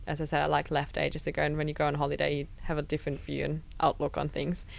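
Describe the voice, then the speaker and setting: A woman's voice: low-pitched, monotone, quick pace, vocal fry. A woman from Germany, a fitness coach, talking casually and reflectively on a podcast.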